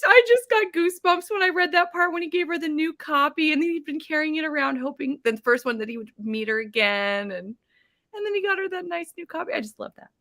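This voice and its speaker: A woman's voice: sits high, lively intonation, brisk, pushed and bright, no room sound, clean studio sound. A woman co-hosting a casual book chat, gushing about favorite moments. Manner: gushing, emphatic agreement. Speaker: book club co-host.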